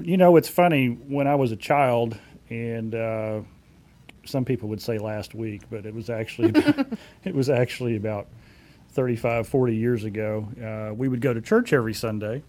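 A man in his forties, a company CEO, being interviewed and telling anecdotes in a relaxed way with frequent fillers. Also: medium pitch, normal speed. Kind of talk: conversational storytelling.

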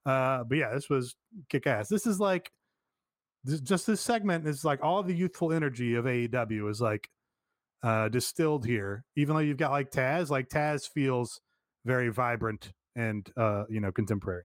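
A man's voice: medium pitch, moderate pace, no room sound. Rambling male podcast co-host, dry sound. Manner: rambling, filler-heavy, swears freely. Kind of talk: casual chat.

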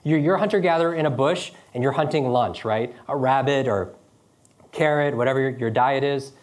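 A middle-aged man giving a lively seminar talk, quick and questioning, often asking his audience "right?". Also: medium pitch. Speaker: speaker teaching speed reading.

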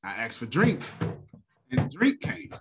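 Guy acting out a scared man in a story, voice jumping up high, freaking out. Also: huge pitch swings, unhurried, noisy background. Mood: puzzled. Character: frightened man in a fable, panicking.

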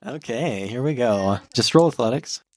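A man running a tabletop game as dungeon master, making quick, upbeat rulings and laughing often. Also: mid-range voice, expressive.

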